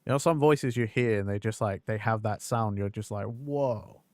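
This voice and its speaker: A man's voice: on the low side, brisk, darkish tone, no echo, clean studio sound. A man streaming a game and chatting casually with viewers, talking candidly, swearing freely and laughing at himself. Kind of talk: casual live-stream chat over gameplay.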